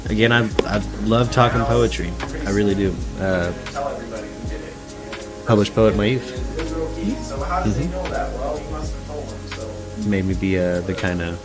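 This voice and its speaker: Profane, laid-back Southern US man. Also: low-pitched. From Arkansas. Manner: profane, loose, laughing often. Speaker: streamer and talk host. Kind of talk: casual late-night stream chat.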